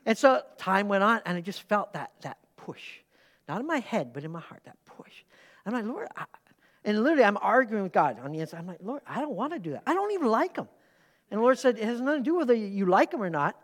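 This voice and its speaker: A pastor preaches a sermon in a church sanctuary during a service, his voice sitting high and trailing a long reverb through the large hall. He's animated and conversational, telling personal stories from the pulpit and breaking off for quick asides and questions to the congregation.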